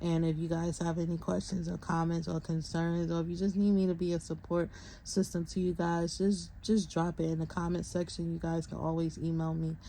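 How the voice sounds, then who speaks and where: Woman, young, worn out, near tears, dark mellow tone, faint background noise. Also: on the low side, level tone, brisk, creaky, poor audio. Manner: venting, tired, talks straight to viewers. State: exhausted, close to tears. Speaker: vlogger, parent of a sick child. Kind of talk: emotional vlog update.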